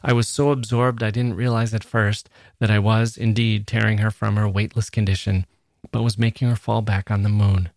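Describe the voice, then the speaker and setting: A man, a podcast host, giving a measured and expressive first-person reading of a literary short story. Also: fairly low pitch, vocal fry, no echo, clean studio sound.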